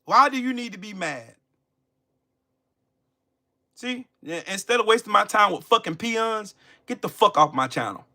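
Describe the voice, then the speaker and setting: A man rants to his viewers in a high, sharp, tense voice that leaps up and down in pitch. He is profane and confrontational, and breaks into shouting as he hammers his points home. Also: lively intonation, unhurried, pauses often. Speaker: channel host. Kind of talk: angry livestream rant.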